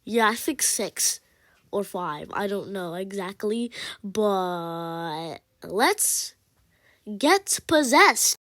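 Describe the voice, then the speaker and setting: Brief: woman gamer, slow unhurried chatter, heavy breathing, excitable and rambling, recorded on a tablet. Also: mid-range voice. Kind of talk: casual gameplay commentary. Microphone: iPad.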